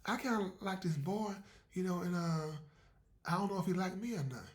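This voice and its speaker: A man's voice: high voice, animated, a little fast, voice pushed up. A man voicing his teenage niece, an earnest girl who keeps coaxing and repeating his name. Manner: coaxing, repeats "Uncle Andrew".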